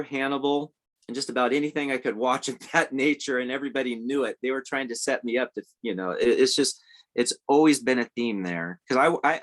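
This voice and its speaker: एक आदमी, बातचीत में लंबी कहानी सुनाता हुआ. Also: male voice, mid-range voice, fairly bright tone. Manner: rambling, with many fillers and restarts. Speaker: guest. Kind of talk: casual interview storytelling.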